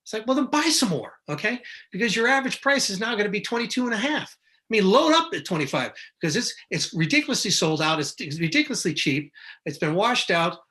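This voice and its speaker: A middle-aged market analyst explains things casually and ramblingly, with many restarts and self-corrections, occasionally mimicking panicked investors. He speaks at a quick pace in a high, pushed, bright voice with lively intonation.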